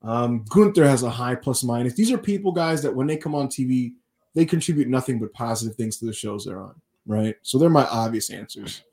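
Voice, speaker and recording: A man co-hosting a wrestling podcast in casual chat, telling stories animatedly and doing quick voices for the people he quotes. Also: medium pitch, darkish tone. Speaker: podcast co-host.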